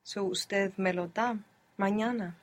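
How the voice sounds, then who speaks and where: A woman answers in a language lesson, speaking very slowly. She reasons through each answer out loud, tentative and careful. Her pitch sits in the middle. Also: fairly even intonation. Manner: slow and tentative, working answers out aloud. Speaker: language learner.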